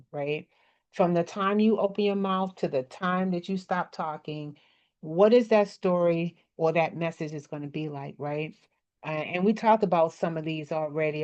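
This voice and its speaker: A woman's voice: on the low side, darkish tone, highs cut off. A woman leading a casual online workshop, chatty and laughing often as she acts out different tones of voice. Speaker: workshop presenter. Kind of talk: casual teaching talk.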